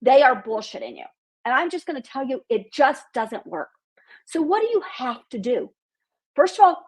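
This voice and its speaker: A high-voiced woman with a husky edge hosts her marketing podcast. She talks bluntly and outspokenly, swears freely, and drives every point home with fired-up conviction.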